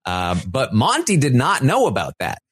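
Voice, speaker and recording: A man co-hosting a podcast, casually recapping events and acting out what people said in animated voices. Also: normal speed, breathy edge, no room sound, clean studio sound. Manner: animated, acts out quotes in high put-on voices. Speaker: podcast co-host.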